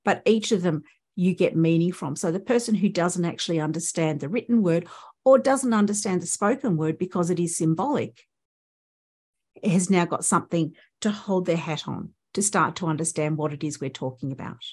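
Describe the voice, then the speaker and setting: A woman's voice: fairly low pitch, normal speed, darkish tone, breathy edge. Australian woman presenting at a conference. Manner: explanatory, asks the audience rhetorical questions. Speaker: speech pathologist presenter.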